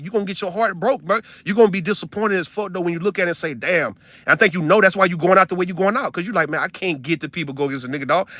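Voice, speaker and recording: Young man, heated profane streamer rant, high bright voice, dry close sound. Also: no echo. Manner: profane, repetitive, incredulous, swings between loud and muttered. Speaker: livestreamer venting to his audience.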